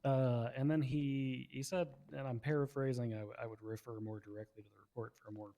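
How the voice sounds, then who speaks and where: A man's voice: mid-range voice, fairly even intonation, fairly quick, warm tone. A man testifying as a police witness in a game role-play trial, rambling with many fillers.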